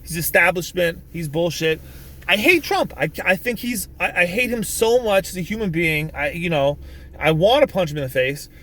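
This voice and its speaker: A man's voice: sits high, animated, normal speed, sharp tone. A man ranting casually to camera in a vlog, rambling with many restarts, swearing and bursting out emphatically. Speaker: vlogger. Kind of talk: casual political rant to camera. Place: in a vehicle.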